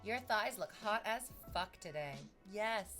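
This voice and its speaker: A young adult woman livestreaming casual chat, swearing freely and breaking into excited shrieks and laughter as she reacts to viewers. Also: medium pitch, unhurried, soft background music.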